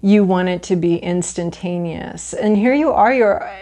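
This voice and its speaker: A woman's voice: fairly low pitch, unhurried, mellow. A woman giving a casual tarot reading, rambling with many fillers and restarts and playful asides. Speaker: tarot reader.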